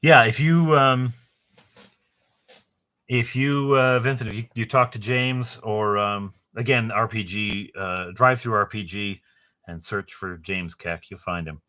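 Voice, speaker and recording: A middle-aged man hosting a casual book unboxing, rambling and enthusiastic, with a halting way of talking. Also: on the low side, sharp tone. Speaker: host.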